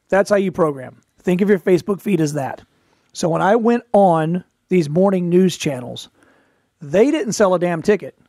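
A man with a fairly high voice talks through showbiz advice in a relaxed, wry storytelling way and tosses in quick asides. The recording is dry and close, with no room sound. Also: dry recording. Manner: quick asides and playful put-on voices for quotes. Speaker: podcast host, performer. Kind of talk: casual advice talk.

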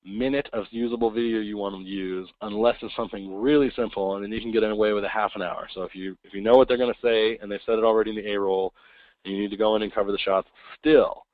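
A man's voice: fairly low pitch, dry recording. Casual man on a tinny phone-like line. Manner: casual, acts out quick voices of kids and parents. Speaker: webinar presenter. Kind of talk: informal webinar talk.

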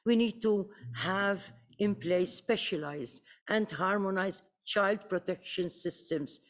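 A woman from the Mediterranean gives an impassioned panel speech. Her voice sits at a medium pitch, and her earnest delivery builds to urgent appeals. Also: slow pace.

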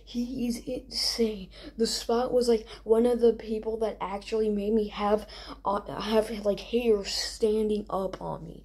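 A young woman hosting a casual countdown, excitable and rambling, recorded at home late at night. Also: medium pitch, measured pace, husky. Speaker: video host. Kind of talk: casual awards-style countdown.

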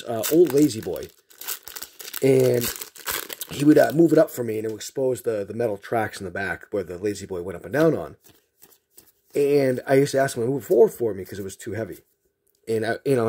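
A man's voice: mid-range voice, slightly rough. A middle-aged man hosting a card-opening video, telling a long childhood story between packs with lots of fillers. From Massachusetts. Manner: rambling, animated storyteller with many fillers.

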